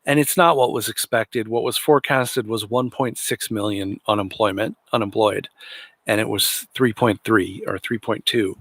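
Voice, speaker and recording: A man's voice: lowish voice, steady tone, moderate pace, fairly bright tone, no echo. Indignant man ranting on a dry mic. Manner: indignant, sarcastic. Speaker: livestream host. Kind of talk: political commentary livestream.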